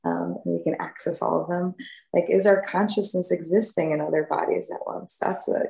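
Woman, deep and heavily fried voice, dreamy musing, roomy echo. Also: steady tone, moderate pace, vocal fry, mellow. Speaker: podcast guest. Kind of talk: casual group discussion.

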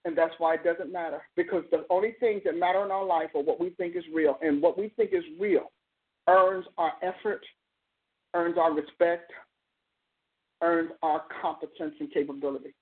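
A woman's voice: lowish voice, steady tone, normal speed. Woman preaching over a tinny phone line. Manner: emphatic, repeats phrases for stress. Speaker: preacher and show host. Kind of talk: conversational preaching.

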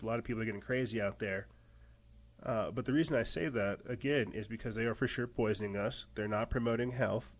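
A man hosting his own podcast, talking in a rambling, emphatic monologue and acting out other people's lines in quick mocking voices. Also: mid-range voice. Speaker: podcast host. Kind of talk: casual monologue.

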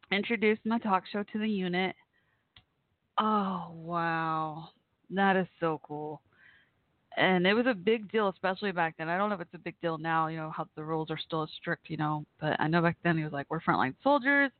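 A talk show host chatting casually on an online radio show, reacting excitedly with gasps and exclamations. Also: medium pitch, no echo. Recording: dry, phone-like line.

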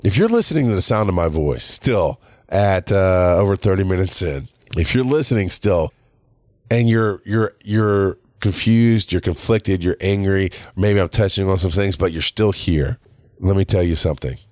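Profane heated podcast host, low voice. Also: male voice, animated, moderate pace, darkish tone, no room sound, clean studio sound. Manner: profane, heated storytelling, acts out others' voices. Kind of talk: casual monologue.

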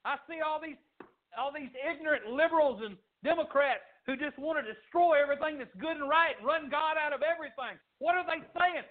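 Fiery high-voiced preacher. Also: male voice, brisk. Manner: fiery preaching, rising to shouts and dropping low. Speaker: pastor. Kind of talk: sermon. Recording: tinny phone-like sound.

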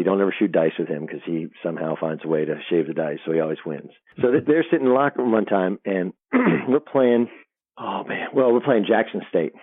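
A middle-aged man, a sports broadcaster, telling animated locker-room stories as an interview guest, often restarting his sentences. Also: deep voice, dry recording. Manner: animated storyteller, frequent restarts. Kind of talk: storytelling interview. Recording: dry tinny phone line.

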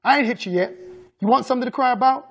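A woman's voice: mid-range voice, very animated, a little fast, a little mellow, slightly rough, muffled recording. A man voicing a roaring, furious abusive mother. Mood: stern scolding. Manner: roaring, scolding in slangy speech.

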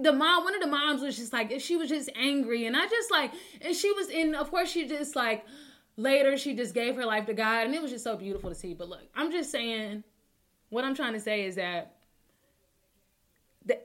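A woman's voice: sits high, pushed and bright. A woman hosting a casual call-in talk show alone, speaking openly and emotionally after a few drinks, often asking listeners whether they follow her. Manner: candid and chatty, often asks listeners to agree.

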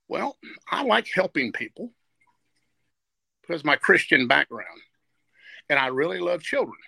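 A man's voice: on the high side, very animated, normal speed, vocal fry, pauses often, pushed and bright, slightly rough, no room sound. A man in his sixties from Virginia, telling stories earnestly as a podcast guest and often restarting and repeating his words. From West Virginia. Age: 60s. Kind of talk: storytelling in a podcast interview.

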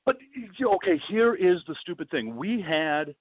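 Animated man telling a wild story. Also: high voice, normal speed, no echo. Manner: animated, dramatic, swears freely. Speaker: podcast guest, wildlife video producer. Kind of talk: casual storytelling. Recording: dry, tinny phone-like line.

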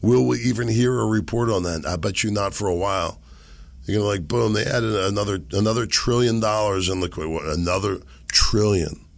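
A man hosting a podcast while sick and losing his voice. He rambles and makes sarcastic, muttered asides into a desk boom mic. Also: normal speed, creaky. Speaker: podcast host. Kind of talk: casual commentary monologue. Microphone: boom microphone on a desk.

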